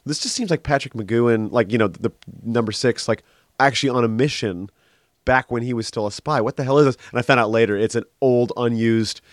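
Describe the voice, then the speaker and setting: A man's voice: medium pitch, a little fast, no room sound, studio quality. Chatty opinionated male podcast co-host. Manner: chatty, opinionated, many fillers. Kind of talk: casual chat.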